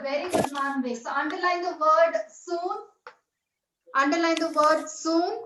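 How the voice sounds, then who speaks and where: A woman's voice: very high voice, measured pace. A woman teaching young pupils in a classroom, repeating instructions and spelling words out letter by letter. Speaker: primary school teacher. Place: classroom with a board. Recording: echoey room with loud background noise and clicks.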